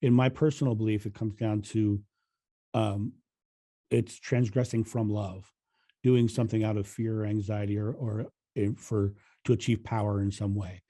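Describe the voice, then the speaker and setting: A man's voice: on the low side, fairly even intonation, normal speed, warm tone. A man co-hosting a spiritual podcast, talking casually, laughing easily and repeating phrases. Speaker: podcast co-host.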